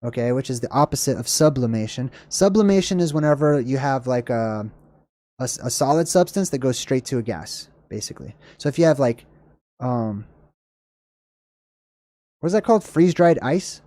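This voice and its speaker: A man hosting a livestream, answering chat questions in a casual, rambling way, often searching for words and correcting himself, with a slightly hoarse voice. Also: medium pitch, animated, normal speed, dark tone, no echo, clean studio sound.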